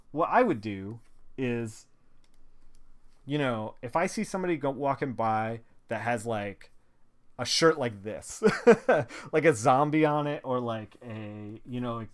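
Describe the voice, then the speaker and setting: A man, a comic colorist, talking casually on a live stream from a home studio at a desk mic, rambling with lots of "like" fillers. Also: medium pitch. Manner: rambling, filler-heavy, frequent "like". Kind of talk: casual chat while working.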